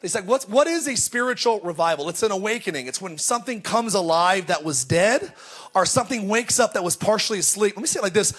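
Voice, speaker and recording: A man preaching in a high, light voice at a church service. He tells his stories in a loose, personal way. He keeps breaking into loud, shouted exclamations. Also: expressive, fast, husky. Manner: storytelling, bursts into shouted exclamations. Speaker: pastor. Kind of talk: sermon.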